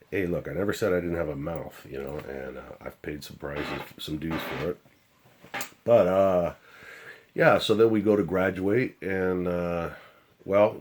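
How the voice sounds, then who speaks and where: A man's voice: low-pitched, a little mellow, a little hiss or hum. An older man telling a war story from his police days in a blunt, profane, casual way. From United States. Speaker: retired police officer telling stories.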